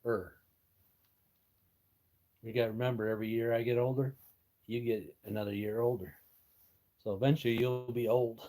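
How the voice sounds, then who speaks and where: An older American man hosts a casual live stream from his workshop, chatting folksily with viewers and chuckling as he answers their messages. His mid-range voice has little pitch movement, a normal speed, frequent pauses, and a mellow quality.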